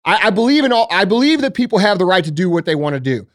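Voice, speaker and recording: A man's voice: high voice, big pitch swings, rapid-fire. Profane, fired-up man ranting. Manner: profane, emphatic, frustrated ranting. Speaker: podcast host. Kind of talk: heated casual talk.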